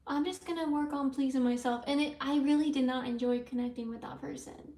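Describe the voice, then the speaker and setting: High-voiced woman chatting on a livestream. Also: steady tone, fairly quick, hardly any pauses, distant mic. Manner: rambling, answers chat comments aloud. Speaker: live streamer. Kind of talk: casual livestream chat with viewers. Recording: roomy sound from away from the mic.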